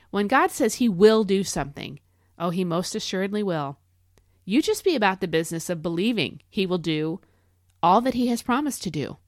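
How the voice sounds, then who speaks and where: A woman's voice: fairly low pitch, dry recording, studio quality. A middle-aged woman hosting a devotional podcast, talking with earnest emphasis and reading scripture to her listeners. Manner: earnest, emphatic, lively encouraging delivery. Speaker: podcast host. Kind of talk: devotional podcast talk, reading Bible verses.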